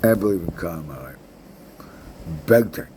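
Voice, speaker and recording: A man's voice: low-pitched, lively intonation, unhurried, background noise. A Scottish man in his sixties telling a rambling story in casual chat, swearing freely and tagging "right?" onto his sentences. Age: 60s. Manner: rambling, swears a lot, keeps adding "right?". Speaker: vlogger.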